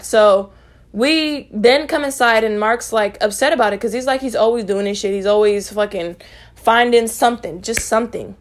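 A young woman rambling through a storytime vlog, swearing freely and brushing things off with dismissive asides. Her voice sits a little higher than most women's. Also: normal speed. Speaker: vlogger.

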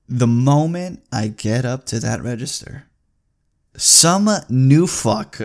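Young male vlogger, gravelly fry, swearing through a heated rant with sudden loud jumps. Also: animated, normal speed. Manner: profane, heated ranting that swings loud and high. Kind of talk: casual storytelling rant.

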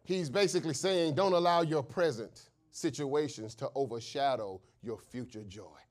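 Impassioned and shouting at his high points, a pastor preaches at a moderate pace in a medium-pitched voice. He poses questions only to answer them himself and acts out voices while telling stories.

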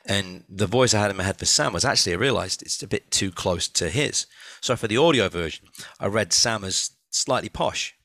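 Man, gravelly low voice, bright edge, dry close sound, animated rambling chat, author guest on a show. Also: a little fast, no room sound. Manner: animated, rambling, many restarts, laughs often. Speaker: author and audiobook narrator, guest. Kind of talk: casual conversation.

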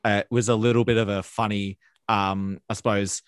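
Male podcast co-host, low pitch, dry sound, relaxed and hesitant. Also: moderate pace, clear, resonant tone, no room sound. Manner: relaxed, hesitant, with ums and likes. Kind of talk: casual history podcast chat.

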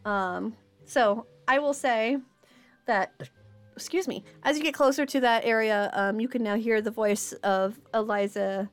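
A woman's voice: a little high, a little slow, clear, resonant tone, faint music behind. A woman narrating a tabletop game as game master, hesitant and full of fillers.

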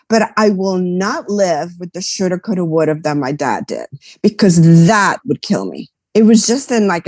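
A woman's voice: medium pitch, no room sound, clean studio sound. A woman in her fifties, a business founder and military veteran, telling personal stories emphatically as a podcast guest. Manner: emphatic, animated personal storytelling. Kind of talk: podcast interview.

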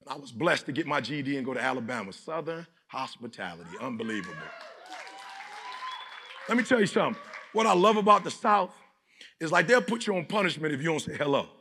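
A man's voice: a little high, lively intonation, fast talker, pushed and bright, a faint crowd, slight background noise. A man from Detroit giving a motivational speech to a live audience, preaching in emphatic, repetitive bursts and leading call-and-response. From Detroit, USA. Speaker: motivational speaker. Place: live conference hall with audience.

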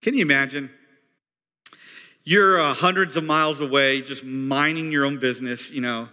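Bright-voiced preacher in a reverberant hall. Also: male voice, medium pitch, normal speed. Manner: conversational, animated storytelling. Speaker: pastor. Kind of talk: sermon.

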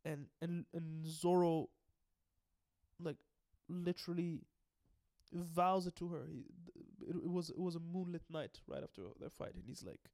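A man giving an excitable, casual recap, swearing freely and often stumbling and restarting. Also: a little high, measured pace. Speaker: anime and manga recap host.

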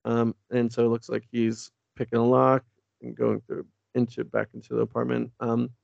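A man's voice: mid-range voice, monotone, normal speed, gravelly, a little mellow, dry recording, muffled recording. A man co-hosting a comics podcast, reading the story aloud in casual chat and acting out the characters' lines with playful voices. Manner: reads comic dialogue with playful voices, laughs often. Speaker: podcast co-host.

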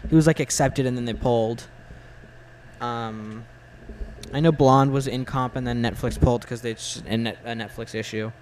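A young man in his twenties talks casually at a middle pitch, stopping and restarting often with a stream of "like" and "uh". He gives his opinions bluntly, and there is a faint hiss of noise behind him. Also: fairly even intonation, a little mellow, low-quality recording. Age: 20s. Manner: halting, full of "like" and "uh", blunt opinions. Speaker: film fan in conversation. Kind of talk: casual chat.

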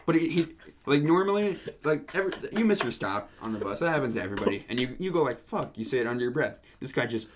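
Young male co-host, laid-back anecdote teller, mid-pitched, rambling. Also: expressive, fast, background noise. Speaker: podcast co-host. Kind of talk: casual anecdote telling.

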